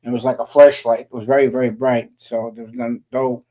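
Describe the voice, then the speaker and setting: A man's voice: mid-range voice, little pitch movement, brisk, warm tone. A man co-hosting a casual political chat show, rambling with lots of "uh" fillers and jokey asides. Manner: rambling, many "uh" fillers, joking. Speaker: co-host.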